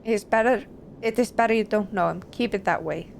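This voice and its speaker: A woman's voice: mid-range voice, a little fast, vocal fry, a little hiss or hum, natural voice. A woman voicing a worried, secretive gang doctor from a video game, read aloud in her plain everyday voice.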